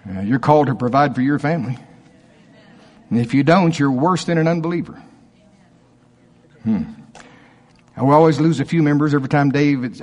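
A man preaching a sermon as a pastor, acting out objections from his listeners in a higher voice. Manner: animated preaching, voicing objections in a higher pitch.

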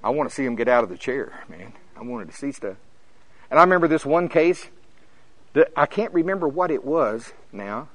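An older man from Oklahoma preaching with fervor, his voice jumping high and loud in the storytelling parts. The sound is dry and close, with no room around it. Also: normal speed, dry recording, poor audio. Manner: fervent, preachy, rising to high excited peaks when telling stories. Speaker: pastor. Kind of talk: sermon.

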